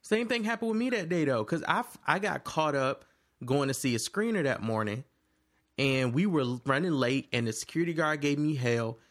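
A man in casual chat with friends, telling stories in an animated, profane way. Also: on the high side, a little fast.

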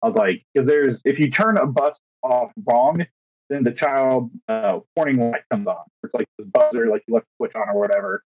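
On a podcast, a young co-host who works as a teacher relates a story at normal speed in a husky, mid-pitched voice. He is casual and animated, acting out quotes, stumbling into restarts and fillers, and the close, dry recording sounds slightly dull and lo-fi.

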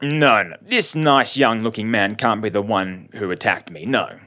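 A man's voice: lowish voice, a little slow, sharp tone. A man voicing an elderly woman who is confused, mild and polite, speaking in a prim, genteel way. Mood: bewildered.

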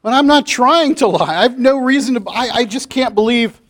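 A flustered, mild schoolteacher, put on by a man, pleads his case in a high, strained voice. He sounds meek and cornered, pushing each protest up near the top of his range. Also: normal speed, a bit bright. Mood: pleading.

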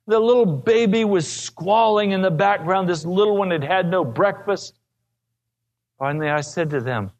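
A man with a fairly high voice preaches a sermon. He tells stories from his work as a pastor in an earnest, plain way, pressing each point home. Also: expressive, a little slow.

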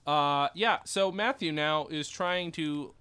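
A man's voice: on the high side, takes it slowly, pushed and bright, clear, resonant tone. A man co-hosting a podcast, chatting casually, laughing often and swearing as he retells scenes. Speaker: podcast co-host. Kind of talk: casual chat recapping a sitcom.

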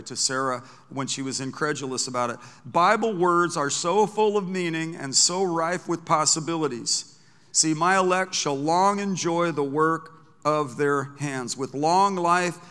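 A pastor delivers an emphatic sermon in a high, bright voice, often doubling back on his words. He reads scripture aloud between points. His voice rings out with a long reverb, as in a large sanctuary. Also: clean tone.

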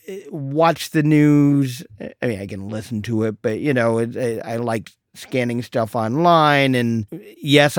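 A middle-aged man hosting a solo podcast, telling a story in a wry, deadpan way with mock exasperation. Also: medium pitch, smooth, dry recording, studio quality. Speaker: podcast host.

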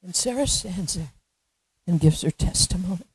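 A woman preaching a sermon, telling a story with lively, animated delivery and frequent laughter. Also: fairly low pitch, normal speed, slightly rough, no echo.

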